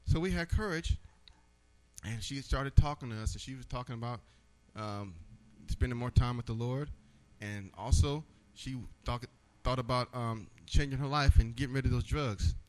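A man giving a personal testimony in church, telling his story with animated storytelling and acting out the voices. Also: medium pitch, moderate pace, poor audio.

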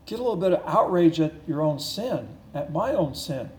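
A man preaching a sermon as pastor, earnest and repetitive, slowing words down for emphasis. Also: fairly high pitch, expressive, darkish tone, reverberant, low-quality recording.

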